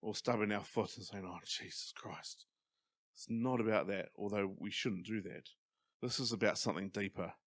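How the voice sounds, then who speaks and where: A man with a New Zealand accent preaching a sermon as pastor, emphatic, swinging from loud stresses to quiet asides. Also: lowish voice, moderate pace. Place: church hall.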